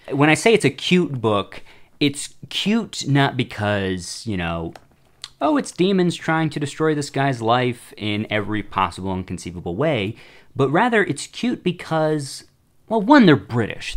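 A young man hosting his own show, casually talking about a book, rambling and tripping over his words. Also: mid-range voice. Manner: rambling, self-deprecating, trips over words. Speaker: show host.

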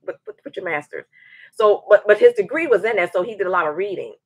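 A woman in her forties hosting a live show, chatting and telling a story in a lively way, often restarting her sentences. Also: mid-range voice, fast, slightly rough, no room sound. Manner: animated, repeats words as she restarts, acts out quoted voices. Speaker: show host. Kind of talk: casual livestream chat and storytelling.

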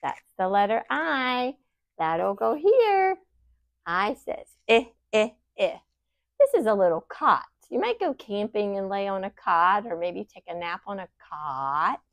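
A woman teaching a children's phonics lesson, sounding out vowels slowly and giving encouraging praise. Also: medium pitch, big pitch swings, dry recording, clean studio sound. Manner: slow, exaggerated sounding-out of letters; encouraging, sing-song praise.

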